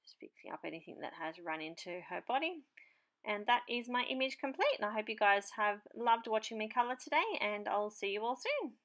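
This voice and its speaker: Pitched on the high side with big swings and a fairly bright tone, a woman narrates a papercraft tutorial. She chats easily about her marker colouring, never rushing, talking while she works.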